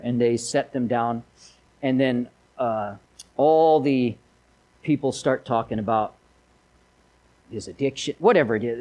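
A man's voice: mid-range voice, a little mellow, low-quality recording. A man preaching a sermon, mixing folksy stories with emphatic appeals. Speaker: pastor.

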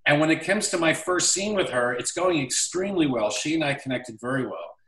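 Male actor guest, animated anecdote teller, roomy room sound, slightly off-mic. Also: on the high side, fairly quick, far from the mic. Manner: animated storyteller acting out quoted lines. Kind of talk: casual anecdote storytelling.

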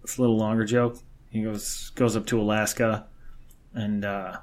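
A man's voice: lowish voice, little pitch movement, moderate pace. A man in casual chat, telling long crude jokes and acting out the characters in them. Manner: rambling joke-teller acting out characters.

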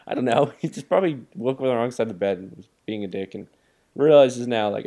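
A man's voice: fairly low pitch, expressive, fast talker, creaky, dark tone. A young man co-hosting a podcast, laid-back and joking in casual chat. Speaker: podcast co-host.

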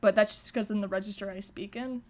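A woman's voice: mid-range voice, fairly even intonation, fast, a little mellow. A young woman chatting casually as a podcast co-host, sounding nervous, rambling with fillers and restarts and laughing often. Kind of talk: casual chat.

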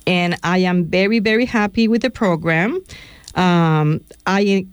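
Earnest woman with a low voice on radio. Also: a little slow, clear, resonant tone, no room sound. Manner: earnest and encouraging, addressing listeners. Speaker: radio apprentice co-host. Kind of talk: casual radio chat. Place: radio studio.

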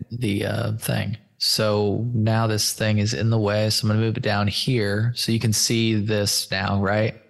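A man's voice: on the low side, little pitch movement, a little slow, gravelly. A man hosting a casual screen-share chat, loose, stoned and a bit profane as he walks through search results. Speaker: host.

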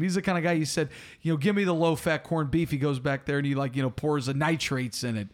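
A man joining a casual podcast chat as a guest friend, joking and telling stories in a lively way. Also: a little high, fast talker, hardly any pauses. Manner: lively storyteller, jokey.

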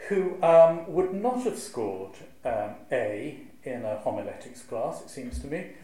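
A man, a clergyman, giving a lively, wry lecture to a live audience and reciting verse with a strong rhythm. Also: medium pitch, unhurried. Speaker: clergyman giving a talk on preaching. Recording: very echoey hall, faint ambience.

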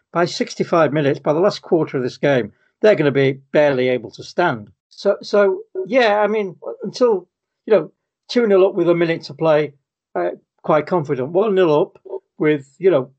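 Man, casual football podcast chat, hesitant restarts, slightly high voice, muffled lo-fi sound. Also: a little mellow. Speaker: podcast co-host.

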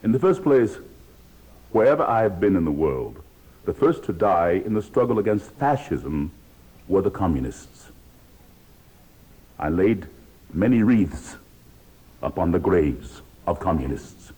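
Defiant, booming man with a deep bass. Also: very animated, a little slow, pauses often, dark tone, husky, poor audio. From United States. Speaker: witness at a hearing. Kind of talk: archival hearing testimony.

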